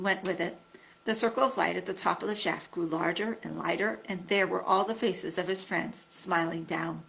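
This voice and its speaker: A woman reading a children's storybook aloud in an expressive storytelling manner. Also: mid-range voice, gravelly, poor audio. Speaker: storybook reader.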